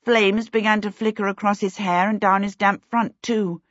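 A woman reading a storybook aloud in a measured, expressive narration. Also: medium pitch, dry recording, muffled recording. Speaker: audiobook narrator.

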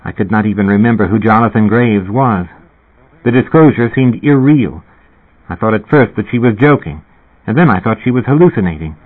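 A man reading a first-person novel aloud in a measured, dry storytelling manner. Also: on the low side, animated. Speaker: audiobook reader. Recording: tinny phone-like audio.

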